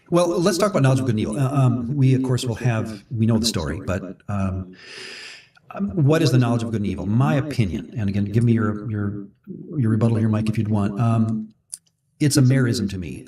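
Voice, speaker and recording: A man from Minnesota talks through a Bible passage in a relaxed, chatty way, wandering into side stories and correcting himself as he goes. His voice sits fairly low. He sounds a little distant from the microphone. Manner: rambling, chatty storyteller with self-corrections. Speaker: Bible study co-host. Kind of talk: conversational Bible discussion.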